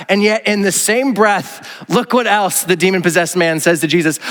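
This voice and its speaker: A man, a pastor preaching a casual, animated sermon and acting out the voices he quotes. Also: sits high, moderate pace, few pauses, long reverb tail. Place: church auditorium.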